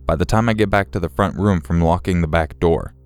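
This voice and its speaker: Deep-voiced male horror story narrator. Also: brisk, darkish tone, clean tone, faint music behind.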